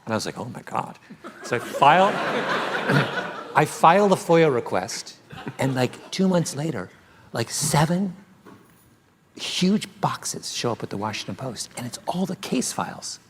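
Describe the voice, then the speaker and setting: A man's voice: fairly high pitch, measured pace, long pauses, a little hiss or hum. A man, an author, in a live stage conversation, telling a story with lots of energy and frequent laughter. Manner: animated storytelling, laughs often. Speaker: author being interviewed. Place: theater stage before an audience.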